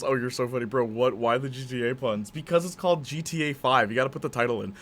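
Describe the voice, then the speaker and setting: Male streamer, casual rambling chat with a bright, sharp tone. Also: medium pitch, fast talker. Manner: rambling, jokey, acts out silly dialogue.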